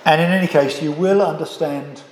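A man delivers a sermon in a measured, emphatic way, often turning points into rhetorical questions. His voice sits a little high for a man. The sound is roomy, with a long reverb from a large hall. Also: fairly even intonation. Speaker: preacher. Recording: echoey hall.

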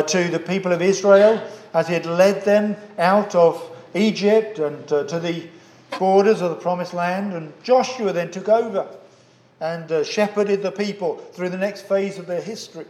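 A man preaching a sermon in a measured, earnest way, pausing often with "uh" fillers. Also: sits high, darkish tone, echoey room.

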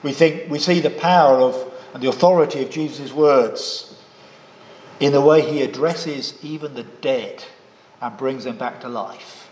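A man preaching a sermon in a measured way, putting rhetorical questions to his listeners. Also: mid-range voice, darkish tone. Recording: echoey hall with long reverb.

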